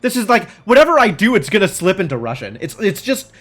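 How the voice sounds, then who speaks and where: A man's voice: high voice, very animated, quick pace, fairly bright tone. A man streaming a game live, chatting aloud, reading lines and second-guessing himself. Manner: chatty, self-doubting, thinks aloud with restarts. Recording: game music in background.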